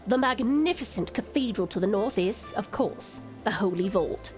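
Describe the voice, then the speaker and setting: A woman's voice: mid-range voice, lively intonation, moderate pace, darkish tone, soft background music, pitched below the performer's own voice, close to an everyday voice. A woman voicing a courtly noble guide giving a formal tour of a holy city, reading the game dialogue aloud in a stately way.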